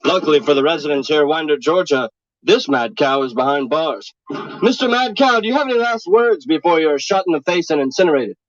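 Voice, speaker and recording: A man playing a deadpan male local news reporter with a slow, mock-formal delivery, heard from a dull clip. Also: on the high side, no echo, lightly acted.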